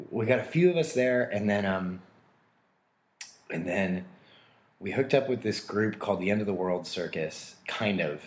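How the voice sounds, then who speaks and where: A man's voice: sits low, reverberant. A man in a casual interview, telling rambling stories about his street performing days with frequent laughter and self-deprecating asides.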